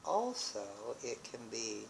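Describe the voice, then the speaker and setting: Tarot reader, unhurried and ponderous, thinking aloud, prone to awed little exclamations. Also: medium pitch, very animated, gravelly, background noise. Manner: musing, with frequent exclamations of wonder; thinks aloud with restarts and pauses. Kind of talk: tarot card reading.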